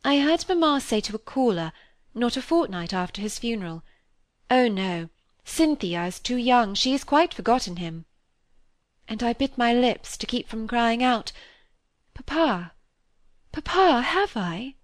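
A woman's voice: on the high side, expressive, moderate pace, no room sound, voice pushed up, lightly acted. A woman reading a candid, self-mocking young woman. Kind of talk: reading a classic novel aloud.

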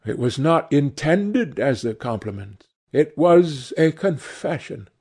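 Man reading as a devoted painter guy, earnest and pleading, lively voice, gravelly edge. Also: a little high, takes it slowly, exaggerated voice.

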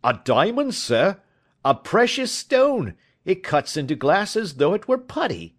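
An excitable male doorman from a storybook, gasping and blurting out his lines, as a male reader puts him on. His voice climbs high and jumps about with amazement. It sounds like a working man who can hardly believe what he has found. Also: unhurried, exaggerated voice. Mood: astonished. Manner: gasping, exclaiming. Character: excited, breathless working-class male commissionaire.

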